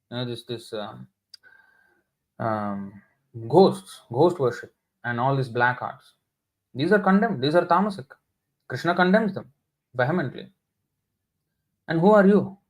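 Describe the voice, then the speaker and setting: A man's voice: fairly high pitch, darkish tone, rough recording. A man giving a sermon in an indignant, scolding, emphatic manner. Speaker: scripture class speaker.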